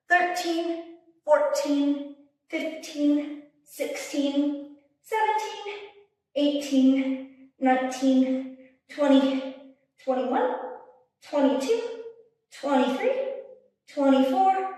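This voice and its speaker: A woman's voice: high voice, extremely slow, pauses often, dark tone. A young woman who teaches fitness and demonstrates exercises, counting reps aloud and getting out of breath. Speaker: fitness instructor. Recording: echoey room from far off.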